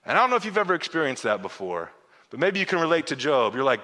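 Animated preacher with a bright voice in a reverberant hall. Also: male voice, fairly high pitch, quick pace. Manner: animated, acts out biblical dialogue with casual asides; frequent stammered restarts. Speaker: pastor. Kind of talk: sermon.

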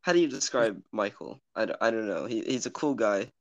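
A young man co-hosting a podcast, talking in relaxed casual chat and sometimes searching for words. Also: fairly low pitch, a little fast, rough recording. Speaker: podcast co-host.

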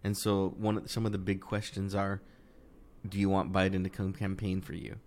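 Male co-host, low voice, casual chat, gets heated and restarts his sentences. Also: normal speed. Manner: animated, rising in pitch when worked up, many restarts.

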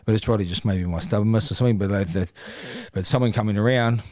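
A middle-aged man with a New Zealand accent, talking candidly as a podcast guest, reflective and halting, with many fillers and trailing-off phrases. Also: fairly low pitch, darkish tone, dry recording. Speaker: guest, former boxer. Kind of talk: casual podcast conversation.

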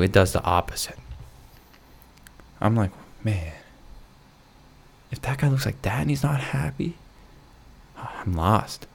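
Low gravelly young man rambling. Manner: rambling, full of "like" fillers and restarts; dry self-mocking humor, dips into whispers. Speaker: podcast host. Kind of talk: rambling solo monologue. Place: his bedroom, lamp in the corner.

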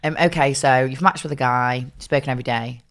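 Young manchester woman, really deep voice, bit southern on her vowels, chatty teasing podcast banter. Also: fairly quick, fairly bright tone. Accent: Manchester, often with southern English vowels. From South Manchester, England. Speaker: podcast co-host. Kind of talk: casual chat.

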